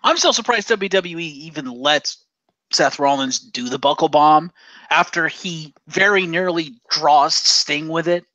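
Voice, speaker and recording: Sarcastic ranting man, bright voice. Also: on the high side, measured pace, no echo, dull audio. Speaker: podcast co-host. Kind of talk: casual wrestling chat.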